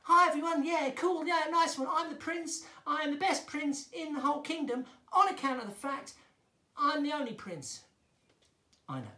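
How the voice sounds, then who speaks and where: Figure: young cocky prince. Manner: laid-back, boastful drawl. Pitch: high. Room: echoey. Performer: a man putting it on. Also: expressive, moderate pace, bright, forceful tone, exaggerated voice.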